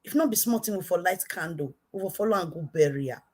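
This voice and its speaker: A woman with a Nigerian accent and a low, weighty voice delivers an impassioned rant straight to camera. She hammers each point by saying it twice, dropping to a quiet, pointed tone and then flaring up into shouting. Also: expressive, quick pace, breathy edge. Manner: repetitive, emphatic, swinging from quiet to shouting. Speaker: online commentator.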